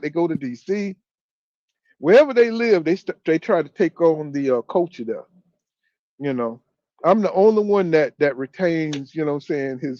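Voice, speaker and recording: Guy from florida riffing on a boxing podcast, kinda high voice, dry dull lo-fi sound, imitates people a lot. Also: no echo. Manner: animated storyteller, mimics people, swears freely. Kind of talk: casual chat.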